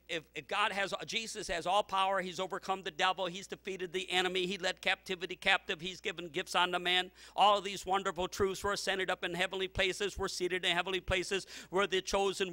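A pastor preaching a sermon, telling stories with many repeats and restarts, and climbing to loud shouted lines. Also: male voice, high-pitched. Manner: storytelling preacher, repeats words, rising to shouts.

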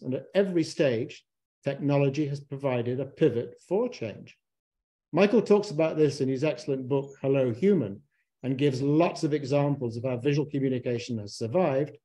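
Male moderator from Britain, mellow warm tone, measured delivery with dry humor, opening an online talk. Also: medium pitch. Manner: measured, with occasional restarts and wry asides. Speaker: panel moderator. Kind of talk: scripted introduction to a panel talk. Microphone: online broadcast.

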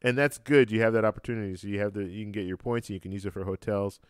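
A man hosting a travel live stream, casually chatting and answering comments, relaxed and halting with lots of fillers, close to his mic at home. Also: on the low side, clean tone, dry recording. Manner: relaxed, halting, many fillers and restarts, laughs easily. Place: home room with a computer fan. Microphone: close-up microphone.

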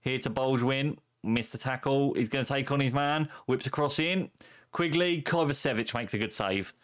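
A man's voice: mid-range voice, normal speed. A young man commentating a football management game on stream in a playful way, chuckling often and cracking puns. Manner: chuckling, punning, excitable.

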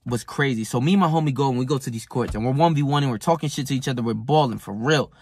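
A young man in his twenties, talking casually to the camera in a brash, profane, boastful rant, sometimes jumping into loud mocking voices. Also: mid-range voice, quick pace, husky, no echo, studio quality. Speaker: self-improvement vlogger.

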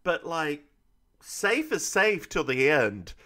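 A man with a bright, fairly high voice, co-hosting a podcast. He recaps a TV episode in casual, gossipy chat. He keeps quoting the characters along the way. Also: very animated, takes it slowly. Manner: chatty, gossipy, quotes characters. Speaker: podcast co-host.

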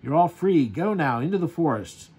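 A man's voice: medium pitch, fairly even intonation, a little slow, slight background noise, close to an everyday voice. A man reading a stern heroic Viking warrior. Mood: commanding. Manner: commanding, read aloud from a comic.

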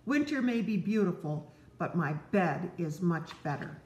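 A woman voicing a grumpy, timid male toad in a children's storybook, loud, stubborn and complaining. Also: fairly low pitch, expressive, a little slow, muffled recording, voice pushed down. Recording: roomy echo.

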